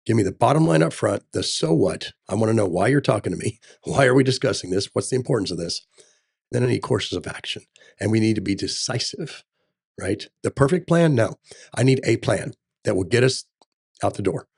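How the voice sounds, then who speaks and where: Gravelly, husky-voiced male candidate. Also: fairly low pitch, expressive, a little fast, a little mellow. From Texas. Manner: emphatic, military jargon, repeats "right?". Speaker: gubernatorial candidate. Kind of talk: casual interview talk.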